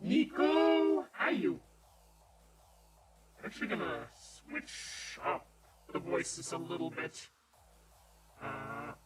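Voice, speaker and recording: A man's voice: on the high side, low-quality recording. Man cooing baby talk to a dog. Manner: cooing, gushing, laughing. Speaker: streamer. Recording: music playing loudly behind.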